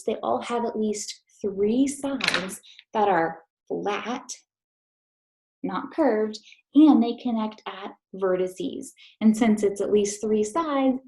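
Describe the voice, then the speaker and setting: A woman teacher with a mid-range, dark-toned voice gives a recorded math lesson to third graders on a low-quality recording. She's patient and encouraging, addressing her students directly.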